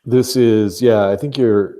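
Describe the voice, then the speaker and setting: A man narrating as game master of a tabletop game, measured and dotted with fillers. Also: fairly low pitch, fairly even intonation, dark tone.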